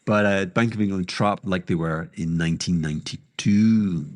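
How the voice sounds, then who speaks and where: Scottish male host, deep voice, rambling self-interrupting monologue with emphatic flare-ups. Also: normal speed, no room sound. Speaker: podcast host. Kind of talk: casual monologue on markets.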